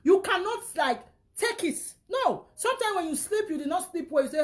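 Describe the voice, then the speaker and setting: High-pitched, scolding Nigerian woman. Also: animated, normal speed, hardly any pauses. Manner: scolding, insulting, repeats herself. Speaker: vlogger. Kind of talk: angry social media rant.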